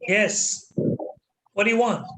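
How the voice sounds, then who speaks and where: A man voicing a strict, stern male schoolteacher who barks loudly and impatiently at a pupil. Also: high-pitched, fairly even intonation, slow pace, a little hiss or hum, pitched above the performer's own voice, heavily acted. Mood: stern, scolding. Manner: loud, impatient, scolding.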